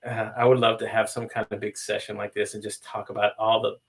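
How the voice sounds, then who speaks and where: An excitable man hosting a live stream, talking over a video call. He trips over his words with eager restarts and keeps calling out to his viewers. His tone is casual and chatty. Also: lowish voice, husky. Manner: excitable, halting, addresses viewers as guys. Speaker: host.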